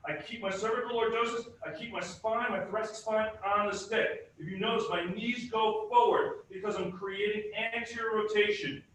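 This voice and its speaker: A man with a fairly high voice delivers an emphatic fitness workshop lecture. He keeps putting rhetorical questions to the room and answering them himself. The sound comes from an echoey event space. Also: a bit bright, slight background noise. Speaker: presenter at a fitness summit. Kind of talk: live workshop lecture with demonstration.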